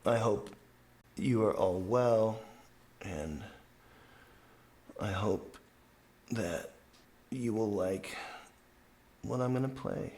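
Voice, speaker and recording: An unhurried man hosts a radio show and tells a long story, drifting from one thought to the next with plenty of ums. His voice sits a little low and has a gravelly, creaky texture. He takes his time over every sentence. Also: darkish tone. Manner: meandering anecdotal storytelling with many fillers. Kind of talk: casual rambling monologue.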